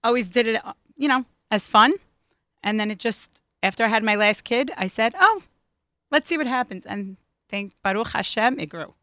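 A woman's voice: a little high, normal speed, pushed and bright, no echo. A woman in her thirties, a home cook turned food business owner, talking eagerly as a radio guest. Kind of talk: casual chat.

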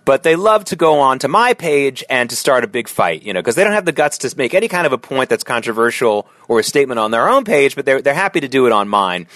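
A middle-aged man talks alone into a close mic, hosting his own podcast. His voice drops low and tired, then jumps up sharply for emphasis. The room is dry, with no echo. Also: fast, few pauses. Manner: animated, swings from low tired tones to sharp emphatic peaks. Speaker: podcast host. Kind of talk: solo podcast monologue.

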